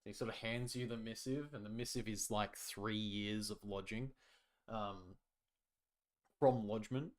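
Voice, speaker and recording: A man's voice: lowish voice, steady tone, a little slow. A man narrating a tabletop game as game master, talking loosely with many fillers. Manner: hesitant, loose, lots of fillers.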